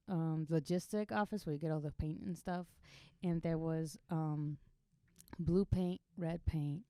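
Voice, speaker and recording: Israeli woman telling a story, lowish voice. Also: dry recording. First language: Hebrew. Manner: animated, laughing, acts out voices in anecdotes. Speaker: podcast co-host. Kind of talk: casual storytelling chat.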